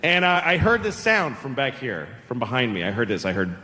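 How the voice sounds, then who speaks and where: Middle-aged male stand-up, casual and profane, lively delivery; live theater with echo. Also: medium pitch, normal speed, long pauses. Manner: profane, conversational storytelling. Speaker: stand-up comedian. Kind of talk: stand-up comedy. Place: large theater stage. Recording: echoing live hall, audience noise.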